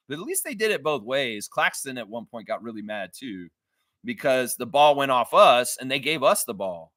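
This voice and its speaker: A man's voice: medium pitch, normal speed, no echo. A man hosting a casual live basketball reaction stream, talking loosely, swearing freely and acting out what others said. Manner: animated, swears freely, acts out quotes. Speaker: sports fan livestream host.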